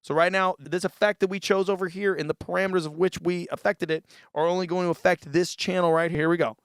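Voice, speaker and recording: A man's voice sits high and steady and moves at a quick pace, clear and resonant, with no echo and clean studio sound. The music tutorial host talks loosely in a casual instructional demo on a live mixer, speaking into a vocal mic, relaxed, repeating "dude" and demonstrating with his voice.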